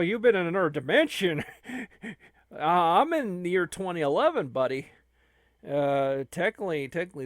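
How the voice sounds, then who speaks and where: A gaming channel host riffs through an improvised comic skit, rambling and restarting with plenty of "you know"s. His voice sits a little high for a man. The recording is dry and close. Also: fairly bright tone, no room sound. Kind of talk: improvised comic skit, talking to himself in character.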